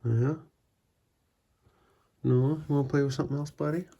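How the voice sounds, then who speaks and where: A man's voice: a little high, steady tone, moderate pace, creaky, dark tone. A man talking baby talk to his cat at home, cooing in a raised sing-song voice while he films it playing. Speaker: pet owner filming his cat. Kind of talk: casual baby talk to a pet. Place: home indoors.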